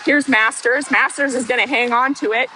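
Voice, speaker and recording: A woman calling play-by-play for a youth hockey game, excitable and openly rooting for her team. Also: high-pitched, moderate pace, a little hiss or hum, poor audio. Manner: excitable, partisan, apologizes for getting worked up. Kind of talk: amateur youth hockey commentary.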